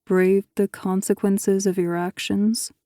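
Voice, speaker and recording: Woman doing a soft, coaxing male teacher. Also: medium pitch, little pitch movement, takes it slowly, no room sound, studio quality. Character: manipulative male school teacher, calm, controlling.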